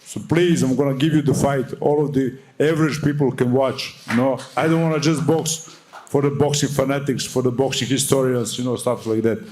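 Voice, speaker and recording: A man's voice: mid-range voice, steady tone, moderate pace, darkish tone, slight background noise. Man, young adult, boxer at a press conference, fiery, profane, defiant.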